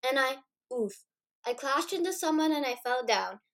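A woman with a fairly high voice tells a first-person school story. Her delivery is dramatic and expressive. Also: normal speed. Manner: dramatic, acts out her own dialogue loudly.

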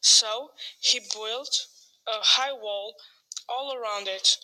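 A woman reading a fairy tale aloud in a slow, deliberate storytelling manner. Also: fairly high pitch, pushed and bright, low-quality recording.

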